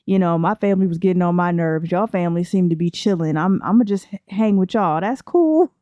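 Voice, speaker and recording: A woman voicing a carefree young male roommate from a life-simulation game, speaking in relaxed slang. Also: on the low side, no room sound, dull audio, natural voice. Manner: relaxed slang, quick asides.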